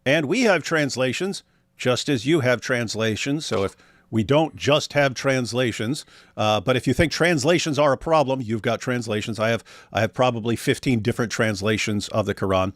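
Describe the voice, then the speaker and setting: A man's voice: mid-range voice, moderate pace, fairly bright tone, no room sound. A man in the middle of his range, hosting a livestream debate commentary. He argues in a sarcastic, emphatic way, and his voice sounds dry and close. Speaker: host.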